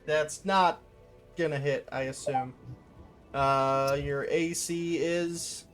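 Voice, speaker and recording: A man narrating a tabletop game as dungeon master, unhurried and full of fillers. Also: on the high side, steady tone, soft background music.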